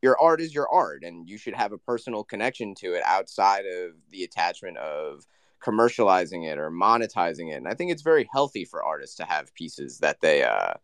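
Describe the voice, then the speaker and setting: Male host, very low voice, loose chatty delivery, dry close sound. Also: no room sound. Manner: loose, filler-heavy phrasing. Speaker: podcast host. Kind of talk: casual podcast chat.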